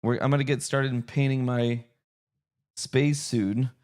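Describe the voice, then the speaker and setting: A man's voice: medium pitch, steady tone, unhurried, darkish tone. A man chatting casually on a live stream, thinking aloud and answering viewers' chat as he goes. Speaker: streamer and game master.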